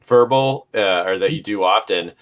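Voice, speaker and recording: A man's voice: on the low side, normal speed, fairly bright tone. A man in a casual chat, telling a story loosely, with frequent swearing and laughter.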